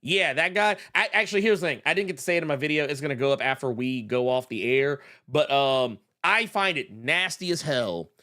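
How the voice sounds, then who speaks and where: A man co-hosting a casual comic book talk show, animated and swearing freely, with loud laughs between points. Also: a little high, brisk, few pauses. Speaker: podcast co-host.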